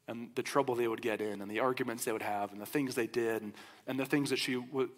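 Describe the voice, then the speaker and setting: Male pastor, sermon, chatty storytelling delivery, mid-pitched voice, reverberant church hall. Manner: conversational, animated storytelling. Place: church sanctuary.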